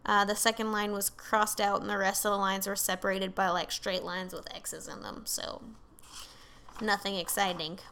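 Her medium-pitched voice is level, bright, and forceful, with vocal fry, a clean tone, and normal speed. As a podcast co-host on a remote call, she rambles through a case story, heavy on fillers and asides, with casual swearing.

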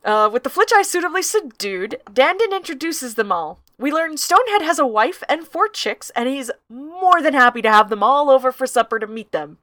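High bright woman podcast co-host. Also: normal speed, few pauses, dry recording, clean studio sound. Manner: laughing, profane, animated. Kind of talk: casual book-club chat and read-aloud.

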